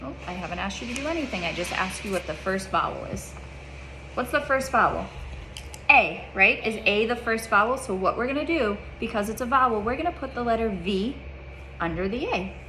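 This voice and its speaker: A woman's voice: fairly high pitch, expressive, a little fast, sharp tone, slight background noise. A woman teaching a child reading in a one-on-one lesson, patient, repeating her questions and checking in with "okay?".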